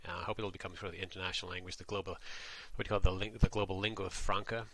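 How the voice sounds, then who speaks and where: A man's voice: low voice, little pitch movement, very fast, fairly bright tone. A man from Atlantic Canada delivering a tongue-in-cheek satirical monologue, rambling and musing as he goes. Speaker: vlogger.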